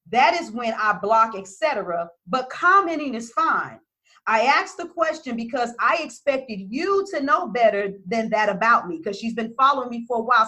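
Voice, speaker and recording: Blunt, high-voiced woman coach. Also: pushed and bright. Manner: blunt, profane, emphatic. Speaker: business coach. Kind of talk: casual talk to followers.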